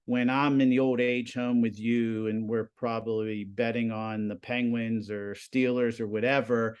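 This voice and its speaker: A man in his forties, a high school TV production teacher, chatting in an interview and telling animated stories with lots of "you know" and "like". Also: measured pace, clear, resonant tone, muffled recording. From Pennsylvania, US. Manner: animated storyteller, many fillers. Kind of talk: casual interview chat.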